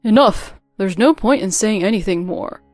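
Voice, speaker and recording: A woman voicing angry grown men of a family, a son and a father, in a narrated drama story, with a shouting, confrontational delivery. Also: fairly high pitch, expressive, normal speed, dry recording, soft background music, lightly acted. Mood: furious.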